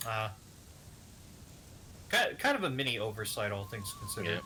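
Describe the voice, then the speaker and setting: A man's voice: mid-range voice, wildly swooping pitch, normal speed, noisy background. A man joking wryly while watching a game on stream. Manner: wry, joking. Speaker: stream co-host. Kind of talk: casual banter.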